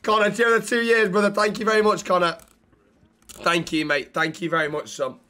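A man's voice: high-pitched, little pitch movement, a little fast, bright, forceful tone. A British man streaming a roleplay game, chatting brashly with viewers and swearing freely. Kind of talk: casual live-stream chat and in-character roleplay.

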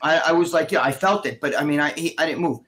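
This middle-aged guest co-host's voice leans high and he talks fast, swapping casual stories on a live stream. Swearing freely and full of animation, he acts out what other people said.

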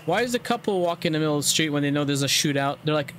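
A man's voice: fairly high pitch, animated, racing, a bit bright, faint music behind. A young man speedrunning a game and narrating it casually, cracking crude jokes, swearing freely and laughing often. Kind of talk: casual gameplay commentary.

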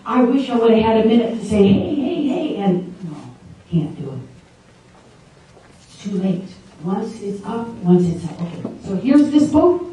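Woman preacher, mellow voice, emphatic sermon, heavy room echo, far from the mic. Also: on the high side, big pitch swings, unhurried, slight background noise. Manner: emphatic, asks the audience questions. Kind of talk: sermon to a women's gathering. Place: large echoey meeting room. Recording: very echoey room, distant mic.

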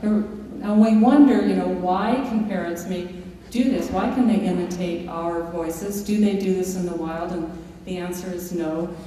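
A woman's voice: fairly low pitch, measured pace, warm tone, a little hiss or hum. A woman author giving a lecture, reading from her book and telling stories in a large lecture hall. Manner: storytelling, with occasional fillers and restarts. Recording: echoey lecture hall, mic far off.

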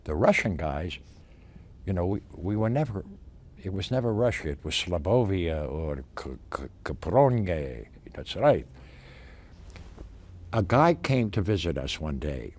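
An older man, an actor, reminiscing in an interview in a halting way, with many fillers and restarts. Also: deep voice. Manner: halting, many fillers and restarts, animated when stressing points.

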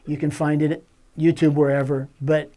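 An older male film director telling a behind-the-scenes story in a relaxed, conversational way. His voice is mellow and warm, and he slips into the dialogue as he quotes it. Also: fairly high pitch, moderate pace. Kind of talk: anecdote told to camera.

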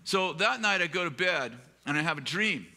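Male pastor, fairly high and very bright voice, self-deprecating storyteller, hall reverb. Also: animated, moderate pace. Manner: humorous, rambling, self-deprecating. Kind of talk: storytelling sermon. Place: live event hall.

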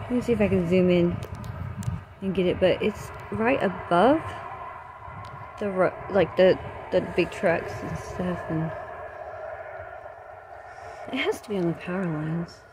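Filming on her phone outdoors by a road at night, the vlogger gives anxious, breathless paranormal commentary, and outdoor noise comes through. Her pitch is fairly low, and she talks a little slowly, pausing often.

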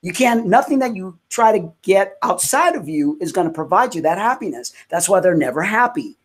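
A woman's voice: lowish voice, sing-song, moderate pace, breathy edge. Fervent woman hosting a faith talk. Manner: fervent, emotional, many fillers. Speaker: host. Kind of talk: casual faith conversation.

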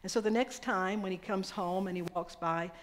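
A woman minister, preaching a sermon in a chatty storytelling way and slowing down to stress key words. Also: mid-range voice, slight background noise. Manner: conversational storytelling, slows down for emphasis. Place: church sanctuary. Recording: long reverb of a church hall.

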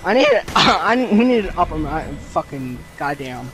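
High, bright-voiced swearing gamer man. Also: sing-song, normal speed, a little hiss or hum, rough recording. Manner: irritable, swears a lot, sarcastic. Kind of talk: casual game chat over voice call.

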